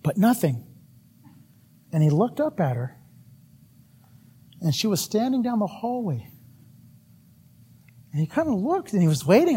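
A male preacher telling an animated story in a sermon, often laughing as he speaks. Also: high voice, a little slow, pauses often, husky.

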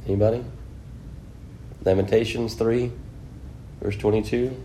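A man's voice: on the low side, fairly even intonation, a little slow, warm tone, a little hiss or hum. A man preaching an informal Bible lesson, chatting with his class, asking them questions and filling in with "you know". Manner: conversational, asks the class questions, many "you know" fillers.

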